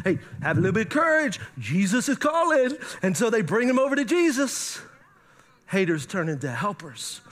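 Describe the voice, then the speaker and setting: High-voiced man preaching a sermon. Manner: animated preaching, asks the audience questions. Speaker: pastor.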